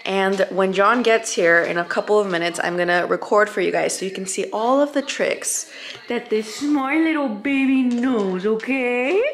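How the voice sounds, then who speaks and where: A woman's voice: medium pitch, moderate pace, fairly bright tone, reverberant. Chatty woman vlogging to her puppy. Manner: chatty, coos and gives commands to her puppy. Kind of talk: casual vlog chat. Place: home kitchen.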